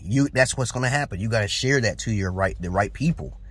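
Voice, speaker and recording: Brisk and barely pausing, a forties-aged Brooklyn man with a husky, lowish voice and a New York accent rants to camera. It's a casual, preachy vlog, delivered bluntly with plenty of swearing.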